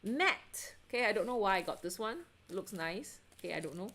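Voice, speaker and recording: Giggly excitable woman livestreaming. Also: mid-range voice, a little fast, hardly any pauses. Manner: chatty and excitable, lots of self-interruptions and giggles; asks viewers to check things, answers chat. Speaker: artist livestream host. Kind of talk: casual livestream chat.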